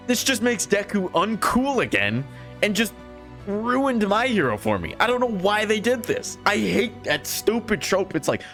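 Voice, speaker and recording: A man's voice: high-pitched, very animated, moderate pace, a bit bright, soft background music. A young man giving a casual, frustrated anime review, often swearing and exasperated.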